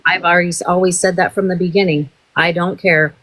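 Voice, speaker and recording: Lowish voiced woman ranting on her live, swearing a lot, heated and rambling. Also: steady tone, fairly quick, a bit bright. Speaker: livestream host. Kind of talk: angry livestream rant.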